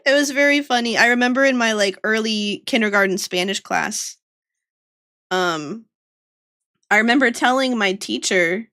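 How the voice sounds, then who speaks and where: A woman's voice: a little high, normal speed, bright, forceful tone. A young woman from Georgia with a light Southern accent, chatting and giggling as she tells rambling family stories on a stream. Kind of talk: casual storytelling while drawing.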